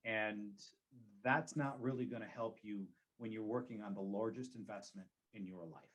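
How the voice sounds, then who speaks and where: A man's voice: fairly low pitch, moderate pace, fairly bright tone. A man who works as a real estate agent, giving advice in a conversational interview and repeating key phrases for emphasis.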